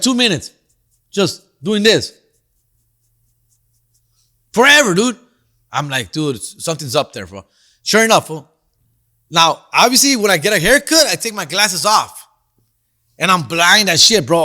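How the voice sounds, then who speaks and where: La comedian guy, bright sharp voice, slangy and cussing, chatty podcast host. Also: high voice. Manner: slangy, profane, animated storyteller; answers listener questions. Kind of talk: casual comedic storytelling.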